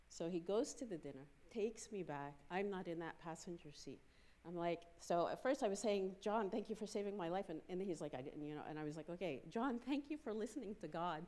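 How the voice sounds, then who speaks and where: A woman speaking at a church women's day, telling stories in a lively way and acting out the voices of the people she quotes. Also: fairly low pitch, fairly quick. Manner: lively storyteller who acts out quoted voices. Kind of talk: storytelling talk.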